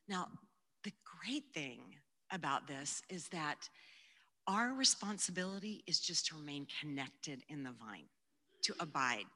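A woman giving a personal testimony and Bible teaching, talking earnestly and conversationally and sometimes dropping to a hush. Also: sits low, slightly rough. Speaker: Christian speaker teaching the Bible. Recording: long hall reverb.

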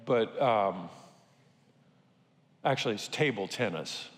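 A man's voice: lowish voice, expressive, takes it slowly, a little hiss or hum. An older man preaching a sermon to a congregation in a conversational, joking way. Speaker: pastor. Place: church sanctuary. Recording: reverberant church hall.

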